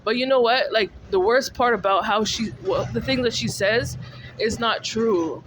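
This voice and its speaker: A woman's voice: on the high side, moderate pace, fairly bright tone, slight background noise. A woman venting in a casual vlog monologue, ranting and repeating herself in exasperation. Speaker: vlogger.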